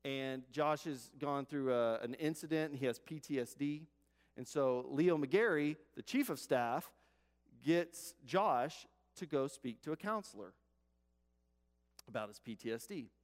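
A pastor preaching an earnest, repetitive sermon, often dropping to a soft hush. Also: male voice, mid-range voice, expressive, measured pace. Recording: long hall reverb.

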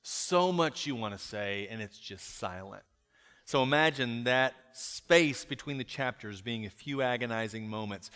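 A man preaching a sermon in a reflective way. He asks rhetorical questions and drops softer on key lines. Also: mid-range voice. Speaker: pastor. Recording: long hall reverb.

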